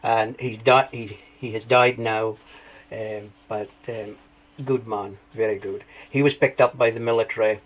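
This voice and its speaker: A man telling his story as an interview guest, rambling through anecdotes with restarts and lively retellings. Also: fairly low pitch, unhurried, low-quality recording. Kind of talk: conversational storytelling.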